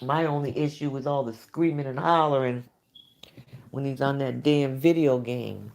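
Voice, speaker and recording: In an extremely low, steady voice that's a little mellow and touched with vocal fry, a middle-aged woman talks at a moderate pace. She's the host of a late-night livestream, bluntly and casually chatting with viewers, reacting to comments, and saying "you know" frequently.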